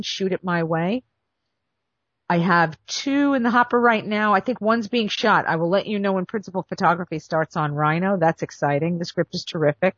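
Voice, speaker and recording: A woman with a lowish voice hosts a podcast as a script editor, delivering a casual monologue that's chatty, folksy, and self-deprecating. The recording is dull, dry, and lo-fi.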